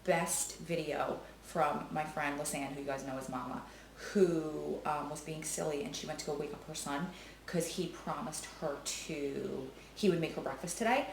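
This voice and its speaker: A woman talking casually to her vlog viewers in a chatty, rambling way, full of fillers and quick to joke and laugh. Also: low voice, slight background noise, low-quality recording. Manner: laughs easily, jokey. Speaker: vlogger.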